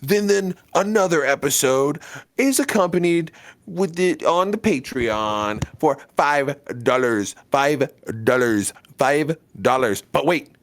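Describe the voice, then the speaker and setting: A man co-hosting a podcast, joking around in casual banter while pitching its membership perks. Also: expressive, slow pace, dry recording. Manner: jokey, goofy, slips into put-on voices. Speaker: podcast co-host.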